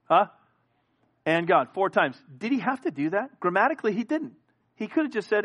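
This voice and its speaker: A man's voice: high voice, sing-song, normal speed, breathy edge. Man preaching with swelling emphasis. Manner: preaching with big swings from hushed to rising emphatic. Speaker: pastor. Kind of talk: sermon.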